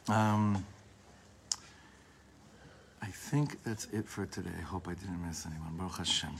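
A man giving an informal Torah class to a live group, talking in a discursive way, often breaking off and restarting his sentences, and slowing down to repeat key phrases. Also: sits low, gravelly, a little hiss or hum. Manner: leans on a phrase by repeating it slowly. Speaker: Torah teacher.

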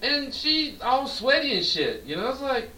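A man's voice: very high-pitched, normal speed. A man co-hosting a podcast, telling a long profane story and acting out the dialogue in it. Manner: animated, profane, acts out quoted dialogue. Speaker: podcast co-host. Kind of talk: drunk storytelling chat. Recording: echoey room, distant mic, faint hiss.

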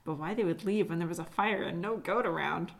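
A woman's voice: on the low side, brisk, vocal fry, pitched below the performer's own voice. A woman voicing a brash, blunt male reporter in a story she reads aloud. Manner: blunt, nosy.

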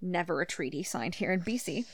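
A woman's voice: lowish voice, expressive, no room sound, clean studio sound. A woman from Canada co-hosting a podcast, explaining a point at length in a casual way and insisting on her point. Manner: explanatory, insistent, quick asides. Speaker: podcast co-host. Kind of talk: casual educational podcast chat.

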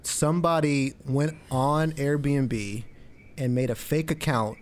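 Man, casual chat, laid-back, rambling, lots of fillers, mid-pitched. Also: fairly even intonation, takes it slowly. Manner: laid-back, rambling, many fillers like "I mean" and "you know". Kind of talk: casual conversation.

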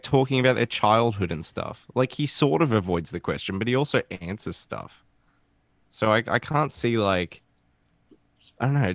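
A man's voice: fairly low pitch, no room sound. A man co-hosting a casual podcast chat, laughing often and swearing casually. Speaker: podcast host.

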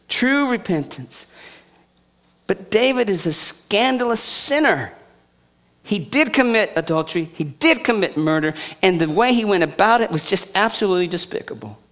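A man preaching a sermon, firing rhetorical questions at his congregation and swinging from quiet teaching to loud indignation. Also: sits high.

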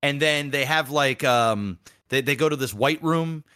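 A man co-hosting a casual podcast, telling stories with animated swings and profane acted-out quotes. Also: measured pace, smooth. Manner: animated storytelling, acting out quoted people in bursts of pitch, profane. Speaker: podcast co-host.

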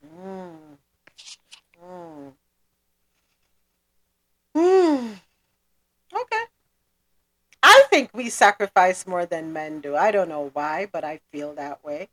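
A woman hosts a casual podcast conversation, her pitch swinging widely as she talks. She speaks slowly and often breaks into laughter. Her tone stays thoughtful. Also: animated, a bit bright. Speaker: podcast host.

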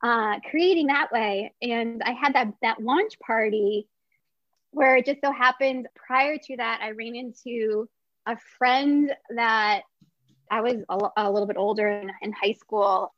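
A woman who founded a small business tells her story in a casual interview, chatty and excitable, full of filler words. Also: a little high, measured pace, dry recording, dull audio.

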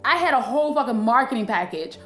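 A woman comedian from Illinois, telling a story in animated, profane casual chat. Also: on the high side, fast, echoey room, faint music behind. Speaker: comedian guest.

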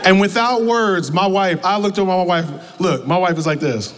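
A man's voice: high-pitched, normal speed. A man preaching a sermon in a church, emphatic and repeating his words, calling out to the congregation. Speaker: pastor. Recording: long hall reverb, faint ambience.

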